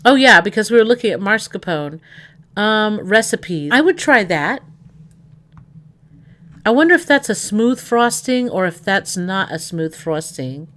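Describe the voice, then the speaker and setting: A woman chatting away on a livestream in a loose, rambling way, thinking out loud as she goes. Her talk is full of fillers and restarts, in the easy manner of a casual stream host. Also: medium pitch, animated, measured pace.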